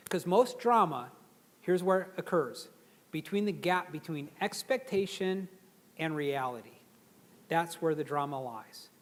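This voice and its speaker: A man giving a live motivational seminar to an audience, energetic and conversational, drawing the crowd in to repeat words after him. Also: fairly high pitch. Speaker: seminar speaker.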